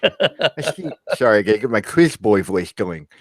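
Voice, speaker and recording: A man's voice: lowish voice, very animated, moderate pace, fairly bright tone, dry recording, studio quality. A man co-hosting a casual review chat, chiming in with quotes and jokes. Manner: chimes in with quotes and laughs. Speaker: podcast co-host.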